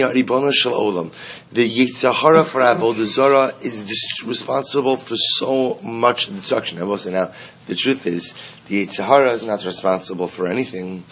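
A man teaching a daily Talmud class, chanting the Aramaic text and then explaining it in English in an animated classroom manner. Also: lowish voice, a little hiss or hum.

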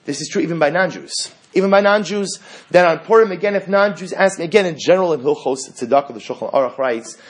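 Guy giving a torah class, kinda high husky voice, quotes hebrew then explains it. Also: fast. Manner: animated, quotes Hebrew texts and translates them. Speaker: rabbi teaching a class.

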